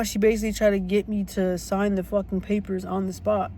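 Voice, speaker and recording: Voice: medium pitch, flat delivery, fairly quick, hardly any pauses, darkish tone. A casual storytime vlogger who tells a story bluntly and indignantly, swears freely and repeats points for emphasis.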